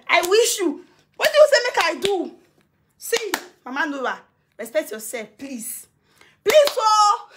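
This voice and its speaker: Here a social media personality with a Nigerian accent confronts someone live, speaking face to face into her phone camera. Her voice is high-pitched, bright and forceful, with slight noise behind her. She repeats her demands emphatically and laughs every so often.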